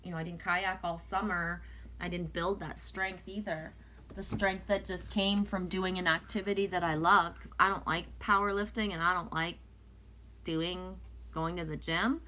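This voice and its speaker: Chatty lower-voiced woman reading oracle cards. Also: steady tone, moderate pace, sharp tone, slight background noise. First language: French. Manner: chatty, loose, talks back to viewers' comments. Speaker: oracle card reader. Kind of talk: casual live-stream card reading.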